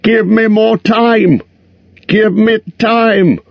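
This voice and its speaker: A man voicing a small, nervous male hobbit in an audiobook, speaking higher and strained as he tries to sound bold. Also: fairly even intonation, very slow, vocal fry, dry recording, muffled recording, heavily acted. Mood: frightened. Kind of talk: audiobook character voice.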